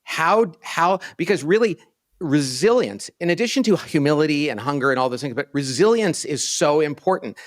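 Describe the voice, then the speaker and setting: A man's voice: fairly high pitch, expressive, normal speed. A middle-aged man, a guest in a casual interview, thinking aloud earnestly with restarts.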